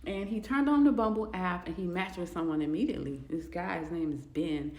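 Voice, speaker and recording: Animated woman telling a story, roomy echo. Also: on the low side, a little fast. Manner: animated, expressive retelling with asides. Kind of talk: casual storytime.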